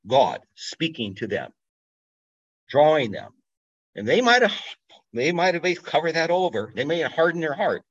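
A man's voice: mid-range voice, a bit bright, breathy edge. Man teaching the Bible informally, muffled. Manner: informal, thinks aloud, asks listeners to think. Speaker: pastor. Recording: dull lo-fi audio.

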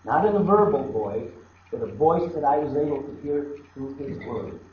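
A man preaching a sermon, emphatic and repetitive, dropping to a hush and then rising loud. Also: on the high side, normal speed, a little hiss or hum. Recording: echoey, dull hall recording.

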